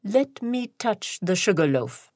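A woman's voice: medium pitch, big pitch swings, slow pace, a little mellow, no echo, studio quality. A woman voicing a sly, insinuating male shoemaker in his late thirties with an unplaced foreign accent, in a storybook reading.

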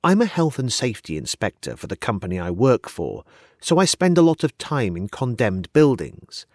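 A man narrating a first-person ghost story in a calm, measured, slightly unsettling way. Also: mid-range voice, no echo, studio quality.

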